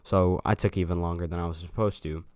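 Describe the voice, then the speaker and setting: A man's voice: sits low, fairly even intonation, fast, a little mellow, no room sound. A young man telling a casual storytime to his viewers, loose and slangy, swearing freely. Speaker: storyteller vlogger.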